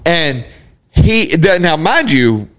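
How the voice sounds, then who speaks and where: High-pitched dude on a podcast, super animated, cussing and cracking up. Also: male voice, slow. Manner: animated, laughs hard while telling stories, swears. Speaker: podcast co-host. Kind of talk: casual storytelling chat.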